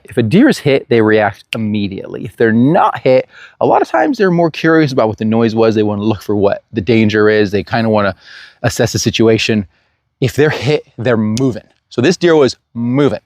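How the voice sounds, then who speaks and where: A man casually telling the story of a hunt, animated and laughing as he acts out what was said. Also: lowish voice, no room sound, clean studio sound.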